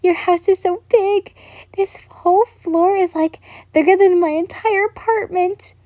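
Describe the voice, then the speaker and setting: A woman's voice: very high voice, steady tone, measured pace, dark tone, dry recording, studio quality, voice pushed up. A woman voicing a shy, flustered teenage girl hero student who stammers nervously. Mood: awed.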